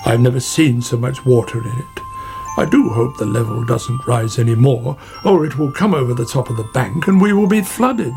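A man's voice: mid-range voice, normal speed, creaky, over music, natural voice. A man doing a chatty, fretting otter. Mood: worried. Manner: chatty, worried.

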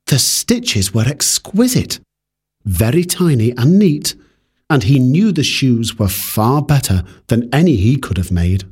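Slow, husky fairy-tale narrator. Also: male voice, medium pitch. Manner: measured, even storybook reading. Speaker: storyteller.

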